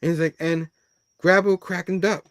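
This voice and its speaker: A man's voice: high voice, steady tone, normal speed, no room sound, clean studio sound. A man hosting a casual comic book review show, rambling and laughing as he reads panels aloud. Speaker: host.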